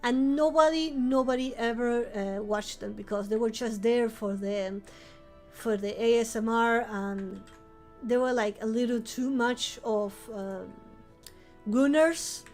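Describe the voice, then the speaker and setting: High-voiced streamer woman. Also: unhurried, darkish tone, soft background music. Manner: rambling, chatty, with frequent laughs and restarts. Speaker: vampire-themed streamer. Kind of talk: casual live-stream chat.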